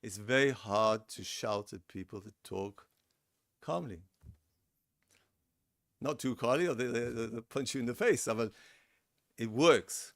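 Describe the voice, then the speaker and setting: A man's voice: medium pitch, unhurried, pauses often, a bit bright, dry recording, clean studio sound. A middle-aged man lecturing a seminar in a conversational way, acting out example lines and repeating his words. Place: lecture room.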